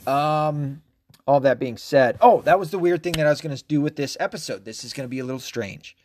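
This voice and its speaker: A man hosting a casual solo podcast. He rambles, swears often and fills his talk with ums, uhs and quick laughs. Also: a little high, darkish tone, a little hiss or hum. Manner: rambling and profane, with frequent fillers and laughs. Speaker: podcast host.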